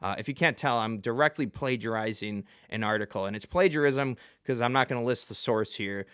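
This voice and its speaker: A man hosts a casual sports talk show in a rambling, self-deprecating way, often chuckling mid-sentence. His voice sits at an ordinary middle pitch and has a smooth, resonant tone. It is recorded dry and close, with no room sound. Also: fairly quick, a bit bright, dry recording.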